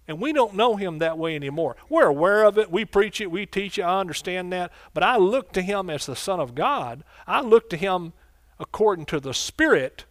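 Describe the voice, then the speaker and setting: Pastor preaching with call-and-response. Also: male voice, high voice, lively intonation, moderate pace, no room sound, clean studio sound. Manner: preacherly call-and-response, asks congregation questions. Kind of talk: sermon.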